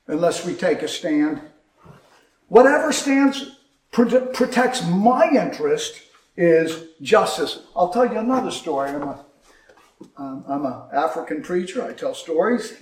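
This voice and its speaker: A man preaching a sermon, impassioned, swinging between loud emphasis and quiet asides. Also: high voice. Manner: impassioned, rising and dropping emphasis. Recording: echoey room from far off.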